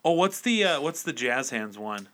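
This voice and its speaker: A man's voice: mid-range voice, very animated, normal speed, pushed and bright. A man co-hosting a podcast, joining the chat in a teasing, playful way. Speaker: podcast co-host. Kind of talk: casual chat.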